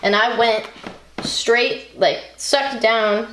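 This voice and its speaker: A woman's voice: on the high side, fairly even intonation, very slow, fairly bright tone, slight background noise. Young woman rambling dreamily, echoey room. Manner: dreamy, rambling storyteller, swears casually. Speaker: musician guest. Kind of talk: casual chat.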